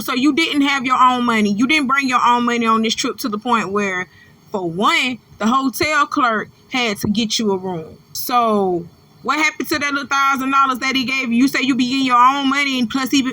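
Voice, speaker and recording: A woman with a high, ringing voice rants in a casual reaction commentary. She talks straight to her viewers, blunt and fired up, swearing freely and repeating herself for emphasis. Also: bright, forceful tone, no echo. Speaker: host reacting to a viral clip.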